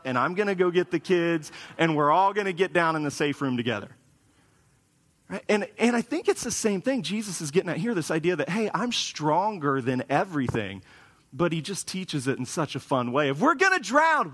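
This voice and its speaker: A man's voice: sits high, fairly bright tone. A man preaching a conversational sermon as a pastor, casual and wry, with frequent restarts, in a church sanctuary. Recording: long hall reverb.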